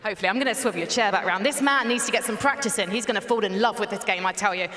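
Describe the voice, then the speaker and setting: A woman's voice: mid-range voice, rapid-fire, sharp tone. A woman working as a floor reporter at a live esports event, teasing and chatty as she interviews players. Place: large historic hall at a live event. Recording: echoey hall with long reverb.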